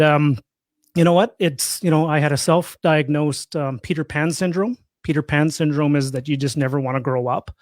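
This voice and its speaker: A man's voice: a little high, no room sound, clean studio sound. Chatty Canadian man in his fifties. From Saskatchewan, Canada. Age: 50s. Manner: chatty, jokey, self-deprecating. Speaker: guest, real estate investor. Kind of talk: casual interview talk.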